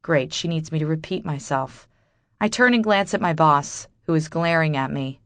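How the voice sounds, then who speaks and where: A woman's voice: low voice, expressive, moderate pace, no echo. A woman narrating a first-person romance audiobook in a bitter, wry inner-monologue manner.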